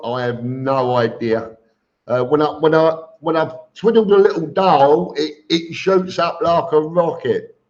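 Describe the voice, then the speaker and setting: A man hosting a casual live stream, reading viewer comments aloud and answering them with chuckles. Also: on the high side. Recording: dull lo-fi stream audio.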